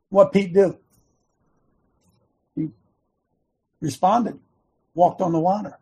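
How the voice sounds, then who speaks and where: A man's voice: sits high, slow, pauses often, mellow, breathy edge. A man, known as coach, giving an earnest and emphatic sermon-style devotional talk and repeating his key lines.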